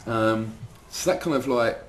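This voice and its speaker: In this casual interview, a second-generation Irish Londoner who plays in a band spins meandering, profanity-laced stories. He speaks in a mid-range voice at a measured pace over a little hiss or hum.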